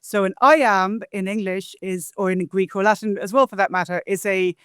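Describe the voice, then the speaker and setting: A woman's voice: mid-range voice, fairly even intonation, normal speed, few pauses, fairly bright tone, smooth, no echo, studio quality. A woman translator being interviewed, explaining poetic meter in a scholarly way and tapping out rhythms aloud. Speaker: translator and guest. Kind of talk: interview conversation.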